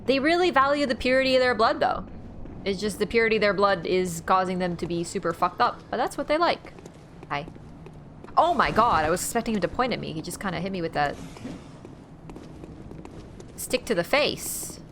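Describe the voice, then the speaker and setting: Excitable, swearing woman game streamer. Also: mid-range voice, moderate pace, pauses often, slight background noise. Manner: excitable, swears freely, laughs often. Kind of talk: casual gameplay commentary.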